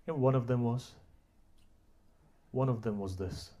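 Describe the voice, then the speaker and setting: A man preaching an emotional sermon story, swinging from hushed low tones to loud, impassioned climaxes and asking the audience rhetorical questions. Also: measured pace.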